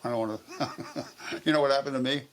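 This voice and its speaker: Guy guesting on a local tv chat show, tells stories, then gets loud and insistent arguing. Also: mid-range voice, fast. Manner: storytelling, gets heated and insistent when arguing. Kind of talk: casual talk-show chat. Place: local TV studio.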